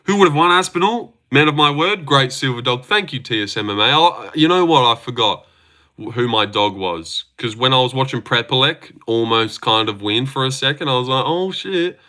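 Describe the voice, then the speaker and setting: A man's voice: medium pitch, brisk, bright, forceful tone. An Australian man chatting casually on a livestream, answering viewer comments in a blunt, profane and rambling way. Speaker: MMA predictions livestreamer.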